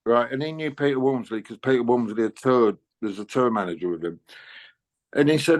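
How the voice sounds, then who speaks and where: A man's voice: medium pitch, animated, fairly quick. Older man telling chatty stories. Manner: chatty, anecdotal, laughs often, many "you know"s. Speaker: interviewed musician. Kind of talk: casual storytelling interview.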